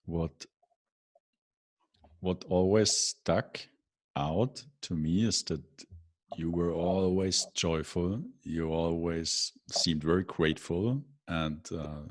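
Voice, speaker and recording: A man's voice: sits low, steady tone, slow. A man hosting a podcast interview, speaking thoughtfully and hesitantly with many filler words. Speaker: podcast host. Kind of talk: casual interview conversation.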